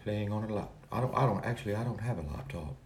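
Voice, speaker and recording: A man's voice: on the low side, animated, fast talker, echoey room, slight background noise, lightly acted. A man doing a boastful true-crime streamer. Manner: rambling, self-aggrandizing, swings between loud complaints and hushed asides. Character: boastful self-important male true-crime livestreamer. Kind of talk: parody livestream monologue.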